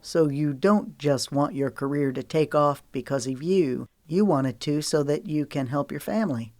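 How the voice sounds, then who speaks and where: A woman's voice: low-pitched, moderate pace, no room sound, lightly acted. Woman voicing an easygoing teasing young man. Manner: relaxed drawl.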